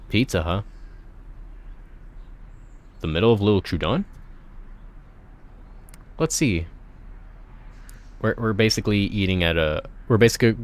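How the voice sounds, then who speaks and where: Chatty man commenting on a visual novel. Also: on the low side. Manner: chatty, joking asides with restarts. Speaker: let's player.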